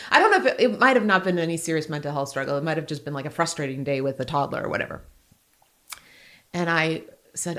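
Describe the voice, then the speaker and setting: A woman's voice: deep voice, fairly bright tone. Earnest woman in her forties, podcast host. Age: 40s. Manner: earnest and open, quick laughs between heartfelt points. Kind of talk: candid podcast conversation.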